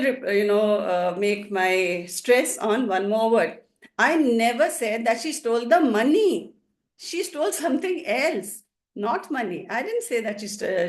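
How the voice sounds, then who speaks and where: A woman whose first language is Hindi, teaching spoken English in an encouraging way, often repeating words and pausing with fillers. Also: a little high. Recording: echoey room.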